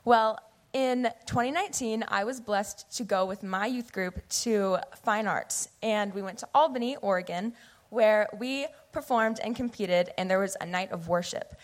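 A young woman in her late teens from the US Pacific Northwest, giving an earnest, animated personal testimony into a church microphone. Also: mid-range voice, normal speed. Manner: earnest, animated, acts out her past self in quotes. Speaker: youth member giving testimony. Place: church sanctuary. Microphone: microphone at a pulpit or stage.

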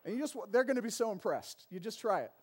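A man preaching a sermon in a conversational way, often calling for an "amen" from the congregation and rising to loud emphatic peaks on key lines. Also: sits high, sing-song, fast, slightly rough. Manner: conversational preaching with frequent call-and-response "amen" and "right". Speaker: pastor.

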